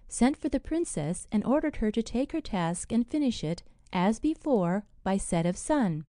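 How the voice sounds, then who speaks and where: A woman narrating a fairy tale audiobook in a measured, expressive way. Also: on the high side, no room sound, studio quality.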